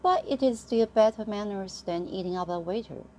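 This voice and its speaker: A woman voicing an excitable young male lion who gushes over his food in a high, eager voice, reading a bedtime story. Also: normal speed, slight background noise, natural voice. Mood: polite, puzzled. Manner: squealing, gushing, high and eager.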